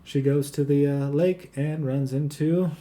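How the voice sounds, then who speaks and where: Jolige man met warme, zachte stem. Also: a little high, steady tone, measured pace, a little hiss or hum. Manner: loose, joking, acts out movie lines. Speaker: podcast co-host. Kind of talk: casual movie review chat.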